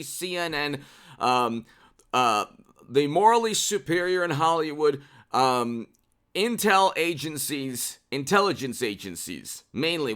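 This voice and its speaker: Guy ranting sarcastically over news headlines on his channel, bright sharp voice, kinda high. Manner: sarcastic, mocking, with restarts. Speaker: political commentary channel host. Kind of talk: casual commentary reading headlines.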